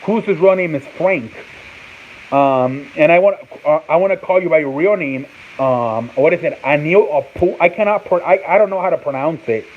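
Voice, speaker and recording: A man's voice: on the high side, moderate pace. A man hosting a sports talk show in casual live-stream chat, rambling and swearing and sounding words out over and over. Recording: tinny phone-like sound with faint noise.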